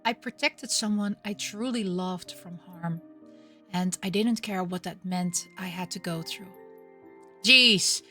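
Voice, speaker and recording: A woman reading a visual novel aloud, softly narrating and breaking in with loud, excited asides. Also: on the low side, measured pace, soft background music. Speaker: game streamer.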